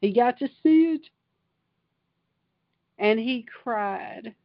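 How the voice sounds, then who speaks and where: A woman's voice: on the high side, lively intonation, drawn-out words, creaky, dry recording, lo-fi sound. A woman preaching an informal livestream sermon, fervent and emphatic, reading scripture and riffing on it. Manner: fervent and emphatic, reads scripture then riffs on it.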